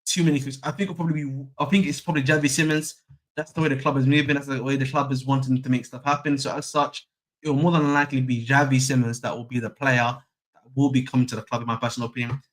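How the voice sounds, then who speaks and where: A man's voice: medium pitch, level tone, fast talker. A young man hosting a football fan stream, chatting casually, repeating himself and using slang. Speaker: football channel host. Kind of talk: casual live-stream chat.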